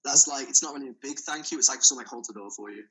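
A young man with a Northern English accent chats on a podcast in a curious, wry way. His voice has a bright edge, and he talks quickly. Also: medium pitch. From Northern England. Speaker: podcast co-host. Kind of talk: casual chat.

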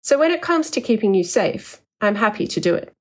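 Woman reading a mild, measured older man. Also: mid-range voice, sing-song, voice pushed up, natural voice. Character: older man, neat, mild, guarded official.

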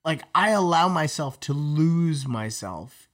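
A man's voice: fairly high pitch, animated, slow pace, a bit bright. A man co-hosting a podcast, chatting casually with a rambling, profane manner full of fillers and restarts. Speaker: podcast co-host. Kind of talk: casual chat.

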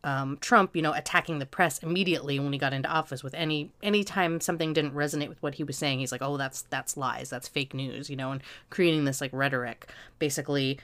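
Woman co-host, very low voice, animated storyteller, swears casually, acts out quotes. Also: quick pace, hardly any pauses. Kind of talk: casual chat.

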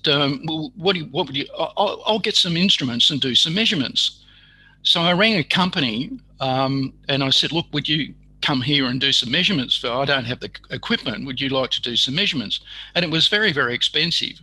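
Older man, husky and bright. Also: fairly high pitch, rough recording. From Australia. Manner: halting, full of fillers and restarts, acts out quoted dialogue. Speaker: guest, retired radiation physicist. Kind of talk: interview storytelling.

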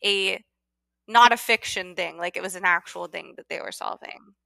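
A woman's voice: fairly low pitch, moderate pace, creaky, sharp tone, no room sound. A woman co-hosting a podcast in casual chat, wry and chatty, with lots of "like" in her talk. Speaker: podcast co-host.

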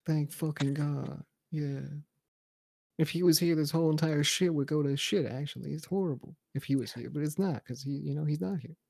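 A man's voice: a little high, a little fast, creaky, a little mellow, dry recording. A man co-hosting a wrestling review podcast, jokey and profane, laughing often. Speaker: podcast co-host. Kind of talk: casual wrestling review chat.

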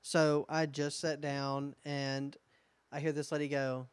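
A man's voice: a little high, takes it slowly, clean tone, no echo, clean studio sound. A young man co-hosting a podcast, telling stories in casual chat and acting out what people said. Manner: lively storyteller, acts out quotes. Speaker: podcast co-host.

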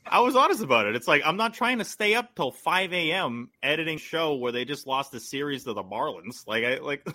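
Bright-voiced man, rambling podcast guest. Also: fairly high pitch, expressive, a little fast, hardly any pauses. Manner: rambling, many likes and restarts, laughs often. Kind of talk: casual podcast chat.

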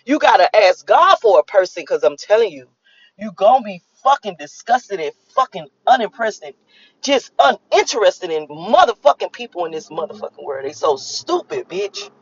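A Miami vlogger in her thirties rants casually to camera, swearing, emphatic, and repeating herself to drive points home. Her husky, mid-range voice swings widely in pitch at a normal speed, captured on a slightly lo-fi recording.

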